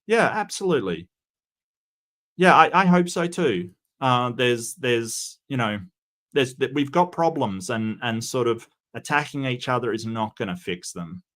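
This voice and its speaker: A man's voice: mid-range voice, lively intonation, measured pace, fairly bright tone. A man chatting casually on a livestream, reading and answering chat, rambling with many restarts and fillers while giving strong opinions.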